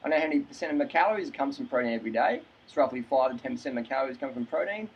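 A man's voice: medium pitch, lively intonation, racing, breathy edge, dull audio. A man telling a story in a casual vlog, acting out both sides of the conversation and laughing often. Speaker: fitness vlogger.

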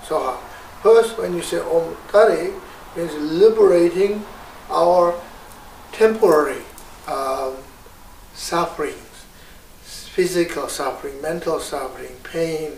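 A man with a Tibetan accent teaching a guided meditation, slow and patient with many hesitations. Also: a little high, vocal fry, a little mellow, slight background noise. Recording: roomy, distant mic.

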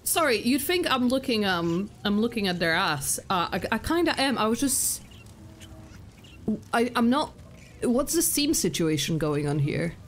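A woman's voice: medium pitch, sing-song, unhurried, slight background noise. A young woman streaming a video game, chatting casually, giggling and breaking off her own sentences. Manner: chatty, giggly, self-interrupting. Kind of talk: casual gameplay commentary.

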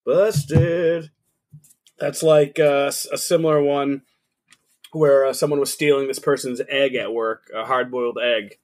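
A man's voice: mid-range voice, fairly even intonation, measured pace, a little mellow. A man co-hosting a casual podcast, telling a story in a rambling way with restarts. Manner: rambling, trails off and backtracks mid-story. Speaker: podcast co-host.

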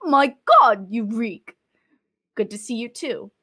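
A woman voicing a fussy older village mother in a loud, high, theatrical and scolding put-on accent, reading from a novel. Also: fairly quick, vocal fry, breathy edge.

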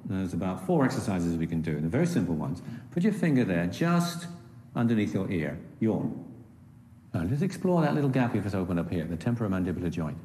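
A man's voice: low voice, big pitch swings, a little fast, warm tone, slight background noise. A man giving a one-on-one presentation coaching session with patient, encouraging instructions.

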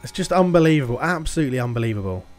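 Male gaming host, excitable play-by-play, swears and shouts at the screen. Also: medium pitch, racing. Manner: excitable, swears and yells at the game. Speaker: gaming YouTuber. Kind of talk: game commentary.

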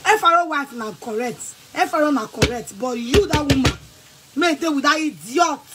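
A woman with a Nigerian accent, ranting angrily and scolding someone in bursts of shouting and threats. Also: high-pitched, lively intonation, normal speed, heavy background noise. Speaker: vlogger. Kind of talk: angry rant to camera.

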